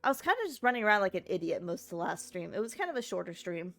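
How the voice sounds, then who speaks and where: A woman's voice: on the low side, very animated, very fast, gravelly, fairly bright tone, faint music behind. A woman streaming a game in a casual, rambling way, sounding sleepy after just waking up and chatting with her viewers.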